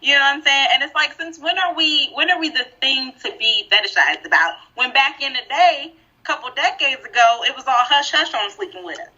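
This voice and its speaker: A woman co-hosting a casual podcast discussion, talking in an animated, emphatic way and laughing often. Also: sits high, brisk. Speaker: podcast co-host. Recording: dull lo-fi recording.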